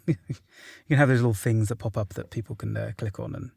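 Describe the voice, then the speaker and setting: A man's voice: medium pitch, a little fast, vocal fry, a little mellow, breathy edge, no echo, clean studio sound. A man with a southern English accent, a guest in a casual podcast chat, talking hesitantly with many ums and restarts. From south of England.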